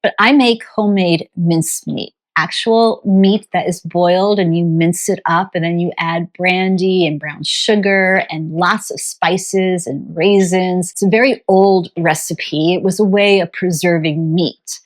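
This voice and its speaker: Slow, low-voiced woman telling a gentle story. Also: fairly even intonation. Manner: gentle, heartfelt, reflective. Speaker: farm vlogger. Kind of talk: reflective storytelling monologue.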